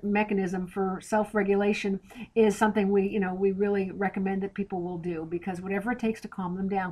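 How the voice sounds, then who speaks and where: A woman guest on a podcast interview, explaining plainly and directly, step by step. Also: mid-range voice.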